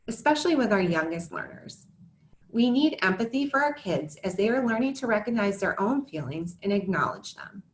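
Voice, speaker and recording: A reverberant recording captures a woman in her thirties with a mid-range voice speaking to parents. As a former teacher and a parent, she works through a prepared talk in an earnest, scripted way, adding candid asides.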